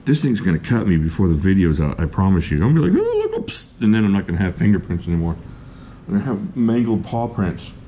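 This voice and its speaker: A man reviewing knives at a table in a casual vlog, gushing excitedly and joking about himself. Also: low-pitched, fast talker, a little hiss or hum. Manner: excitable, gushing, self-deprecating jokes. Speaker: knife reviewer. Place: indoors at a table.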